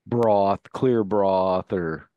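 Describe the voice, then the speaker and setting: A man with a low voice co-hosting a talk radio show, drifting through long anecdotes and chuckling at his own punchlines. His voice sits close and dry on a studio microphone, with no room sound behind it. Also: extremely slow, clear, resonant tone, no room sound, dull audio. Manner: rambling anecdotal storyteller, laughs at his own stories. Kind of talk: casual radio banter.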